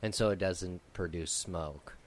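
Low-voiced guy telling a crude story among friends. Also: a little slow. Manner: crude, swears constantly, jokey. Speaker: friend in group chat. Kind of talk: casual chat among friends.

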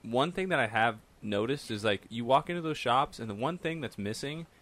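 A man's voice: medium pitch, expressive, a little fast, a bit bright. Rambling man in a casual chat. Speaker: friend in group chat. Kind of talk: casual chat among friends.

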